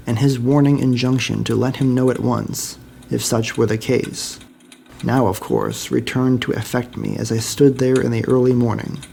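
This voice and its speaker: Male storyteller, dark and gravelly, measured dramatic reading of a ghost story. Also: medium pitch, slight background noise. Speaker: library staff reader.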